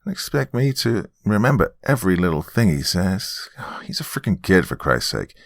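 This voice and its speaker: A man's voice: low-pitched, sing-song, moderate pace, gravelly, no room sound, exaggerated voice. A man voicing a dismissive middle-aged father who scoffs and stammers defensively. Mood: scoffing.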